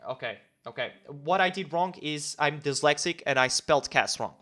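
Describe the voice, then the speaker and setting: A man's voice: on the high side, moderate pace, sharp tone, faint music behind. A man live-streaming himself coding, reading instructions aloud and talking himself through each step, often correcting himself.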